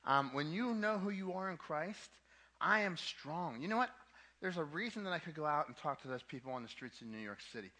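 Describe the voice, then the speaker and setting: A man's voice: on the high side, animated, fast talker, pushed and bright. A man preaching a sermon to a young adult ministry, emphatic, with casual asides, and repeating his key points twice.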